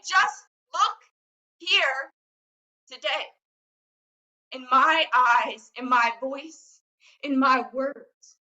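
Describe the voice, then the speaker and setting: Brief: woman spoken-word poet, high bright voice, fervent repeated lines, video call audio. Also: poor audio. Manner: impassioned, rhythmic, repeating phrases. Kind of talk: spoken-word poetry performance.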